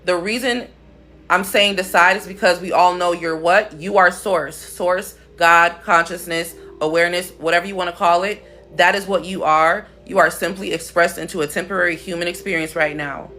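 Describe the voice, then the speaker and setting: A woman's voice: fairly low pitch, steady tone, normal speed, sharp tone. A woman hosting a casual spiritual livestream, talking in a blunt, profane, playful way.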